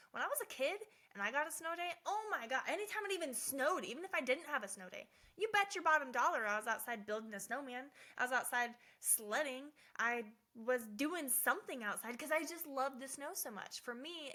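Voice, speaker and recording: Bright-voiced chatty woman host. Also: high voice. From Southern Oregon. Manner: chatty and animated, tags lines with "right?". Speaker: host of a faith talk show. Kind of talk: casual faith-based talk to listeners.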